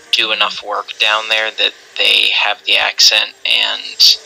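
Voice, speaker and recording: A man's voice: fairly low pitch, creaky, bright, forceful tone, rough recording. A man from the Boston area chatting casually, with a dry, explanatory and teasing manner. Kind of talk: casual chat.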